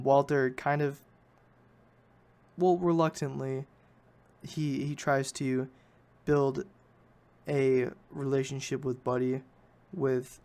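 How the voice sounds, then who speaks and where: A man's voice: medium pitch, a little mellow. A man hosting a podcast, recapping a film in a rambling, casual way and often correcting himself. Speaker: podcast host.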